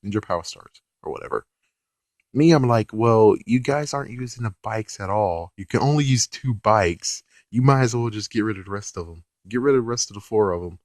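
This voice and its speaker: A man's voice: lowish voice, darkish tone, no room sound. Rambling, exasperated man recapping an episode. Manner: rambling, exasperated, swears and laughs. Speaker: reviewer.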